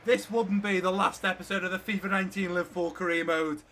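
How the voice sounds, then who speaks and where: A man playing a football video game and commentating on it for his viewers, excitable and quick to shout at the play. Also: high-pitched. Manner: talks to viewers as guys and lads. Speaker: gaming YouTuber.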